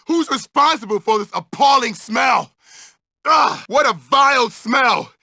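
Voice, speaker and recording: A man's voice: extremely high pitch, animated, slow, gravelly, sharp tone, dry recording, shouting, studio quality, heavily acted. A man voicing a pompous, bullying teenage prefect in a game, commanding and sneering. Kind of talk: video game voice lines.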